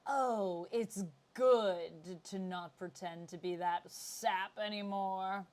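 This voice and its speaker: A woman's voice: mid-range voice, slow pace, darkish tone, lightly acted. A woman doing a flamboyant male supervillain. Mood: theatrical.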